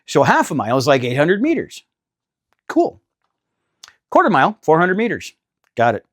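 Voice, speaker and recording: A man's voice: on the high side, huge pitch swings, fast talker, a bit bright, no echo, studio quality. A middle-aged man, talking casually to camera about RV costs in a chatty, exasperated, self-deprecating way. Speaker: RV vlogger. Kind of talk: casual vlog talk.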